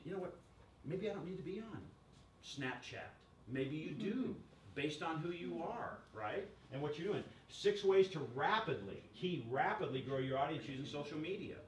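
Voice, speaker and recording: A man giving a lively workshop presentation to a room, joking and quizzing the audience. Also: a little high, slight background noise. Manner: energetic, jokey, asks the audience questions. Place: chamber of commerce meeting room. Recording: echoey room recorded from far off.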